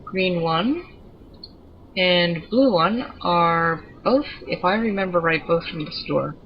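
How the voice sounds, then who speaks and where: A woman's voice: fairly low pitch, slow, lo-fi sound, a little hiss or hum. A woman giving chatty, digressive commentary while showing off her pets in a video game. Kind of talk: casual gameplay commentary.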